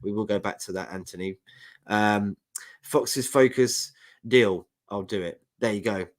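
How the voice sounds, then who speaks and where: This London-accented football podcast co-host has a lowish, steady voice and talks a little slowly. He banters casually and reads viewer comments aloud on the show.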